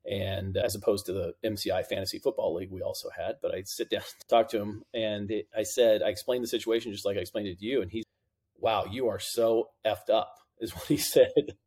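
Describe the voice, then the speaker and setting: A man's voice: lowish voice, fairly even intonation, fast talker, few pauses, a little mellow. A middle-aged man, a guest on an interview podcast, telling anecdotes in a casual way and acting out the dialogue he quotes. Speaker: podcast guest, compliance officer.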